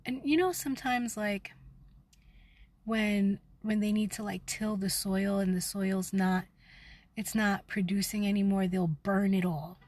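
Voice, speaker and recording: A middle-aged woman in a raw spiritual vlog, angry and seething, talking fast and intensely, swearing, sometimes dropping to a whisper. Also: mid-range voice, steady tone, darkish tone. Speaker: vlogger.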